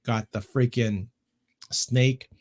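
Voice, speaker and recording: A man hosting a casual online talk show, swearing freely as he tells his stories. He talks in an animated, rambling way and repeats his words. His voice sits at a middle pitch. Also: slow. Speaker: podcast host. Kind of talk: casual chat.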